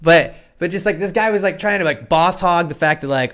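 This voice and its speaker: Fast-talking young man telling a rant. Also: fairly high pitch, a bit bright, clear, resonant tone. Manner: fast, rambling, lots of "like", swears freely. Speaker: podcast co-host. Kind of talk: casual storytelling chat.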